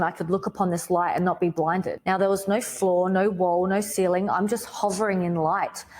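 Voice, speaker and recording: Woman, Australian accent, somewhat low voice, faith testimony, dramatic storytelling, frequent "like". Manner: vivid storytelling, says "like" a lot; dramatic retelling with sudden loud bursts. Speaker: podcast guest.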